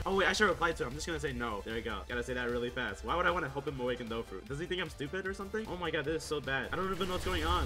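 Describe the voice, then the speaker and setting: A man hosting a gaming video, giving excitable, laughing, exclamatory gameplay commentary. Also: on the high side, very fast, soft background music.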